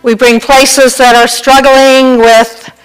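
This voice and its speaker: A woman minister telling a joke with laughter and leading a calm, softly spoken prayer in a church sanctuary. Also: high voice, takes it slowly, clean tone, faint music behind, poor audio. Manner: warm, laughing storyteller, then soft and calm in prayer. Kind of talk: sermon joke and guided prayer.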